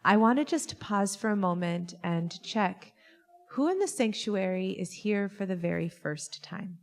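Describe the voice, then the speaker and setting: A woman's voice: mid-range voice, measured pace. Playful woman rabbi in echoey sanctuary. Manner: chatty and playful with the congregation. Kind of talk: leading a Shabbat service. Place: synagogue sanctuary.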